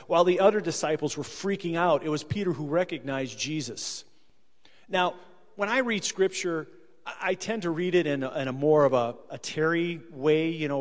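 A male preacher giving a casual, conversational sermon, joking and acting out scenes as he tells them. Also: fairly high pitch. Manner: conversational, jokey, acts out scenes. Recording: long hall reverb.

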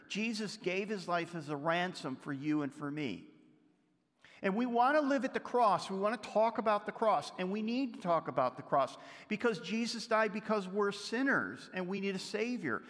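A man preaching a sermon, telling a story and reading scripture aloud, swinging between loud lines and hushed ones. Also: high-pitched, lively intonation, moderate pace, in a large hall. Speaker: pastor.

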